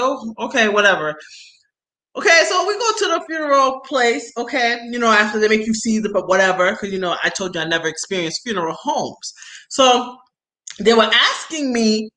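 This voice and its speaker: A woman with a mid-range voice, acting as host, tells a personal story in casual conversation. She's animated and laughs a lot, and her voice jumps into loud shrieks when she gets excited.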